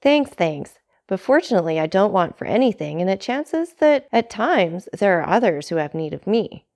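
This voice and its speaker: A woman voicing an envious male tailor neighbor with a glib, ingratiating manner, in an audiobook reading with a gravelly tone. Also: mid-range voice, very animated, normal speed, a little mellow.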